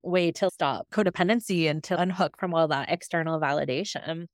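A woman hosting a podcast, giving warm, affirming replies in casual interview chat. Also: sits low, fairly even intonation, brisk, no echo, studio quality. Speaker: podcast host.

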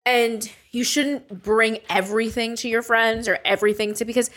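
Higher-voiced woman, emphatic chat. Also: fairly even intonation, moderate pace, a bit bright. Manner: emphatic, agreeable, swears for emphasis. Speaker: podcast co-host. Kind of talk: casual chat.

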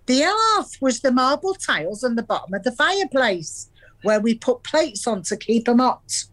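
Here a slightly high, sing-song female voice belongs to an actress portraying an elderly Salford grandmother. With a Salford accent, the warm, talkative character, who has dementia, spins earthy tales of the old days and is quick to break into laughter.

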